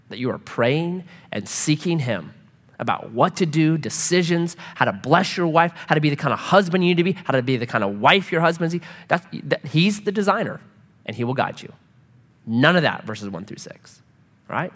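Lively male pastor preaching in a hall. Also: medium pitch. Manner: animated preaching, acts out quoted voices. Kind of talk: sermon. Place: church sanctuary.

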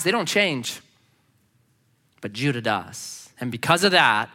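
A male pastor giving a sermon, telling a personal story in an animated way and acting out the voices of the people in it. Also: mid-range voice, slow, big-room sound.

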